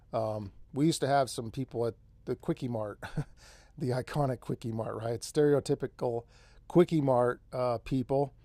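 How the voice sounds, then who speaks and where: A man's voice: medium pitch, warm tone, no room sound. A man with a central Californian accent hosting an off-grid live stream, chatting casually and rambling, often saying man and dude. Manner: rambling, easygoing, says man and dude a lot. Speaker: off-grid channel host.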